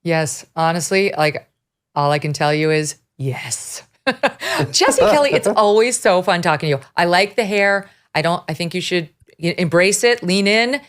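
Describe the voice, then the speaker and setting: A woman in her fifties hosting a talk show, blunt and animated, laughing often as she chats. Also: lowish voice, normal speed. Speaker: podcast host. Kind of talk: opinionated talk show chat.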